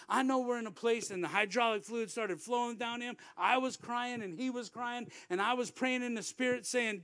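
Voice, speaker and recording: A middle-aged man preaching from a pulpit, telling a story in a conversational way, repeating words and often dropping to a hushed tone. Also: very high-pitched, normal speed, hardly any pauses, no echo. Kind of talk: sermon storytelling. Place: church.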